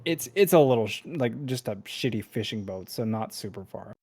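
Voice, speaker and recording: A man's voice: lowish voice, expressive, moderate pace, a little mellow, breathy edge. A man narrating as game master in a casual, rambling way with many fillers.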